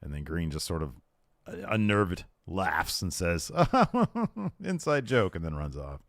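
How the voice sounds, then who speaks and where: A man's voice: very deep voice, moderate pace, no echo, clean studio sound. A man co-hosting a podcast, casually recapping a wrestling show and quoting the wrestlers' lines as he goes. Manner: retells scenes by quoting wrestlers, laughs easily. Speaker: podcast co-host.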